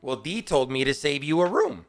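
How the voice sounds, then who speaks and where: A man voicing a brisk, friendly innkeeper in a tabletop game. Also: fairly high pitch, big pitch swings, soft background music, pitched above the performer's own voice.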